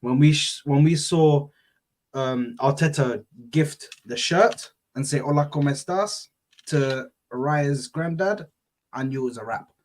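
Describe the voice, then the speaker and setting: A man's voice: mid-range voice, a little slow, darkish tone. A man co-hosting a streamed call-in show, laid-back and rambling, calling the others "bro" and "man". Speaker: co-host. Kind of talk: casual streamed banter.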